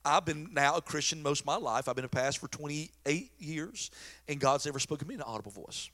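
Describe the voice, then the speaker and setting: A middle-aged pastor preaches with a bright, forceful edge to his voice. He tells stories and jokes in a folksy, animated way. His voice sits high for a man. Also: fast. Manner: folksy, joking, animated storyteller. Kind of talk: sermon.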